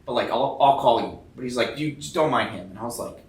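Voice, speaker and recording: A man's voice: medium pitch, fast talker, distant mic. A young man telling a long story in casual chat, rambling and swearing a lot, acting out what people said. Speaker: tattoo artist guest. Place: tattoo convention. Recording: roomy sound, a bit off-mic.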